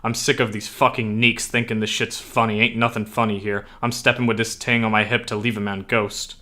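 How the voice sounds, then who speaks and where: Man reading out furious young female gang member, menacing, raised voice, bright edgy tone. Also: on the low side, little pitch movement, fairly quick. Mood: angry.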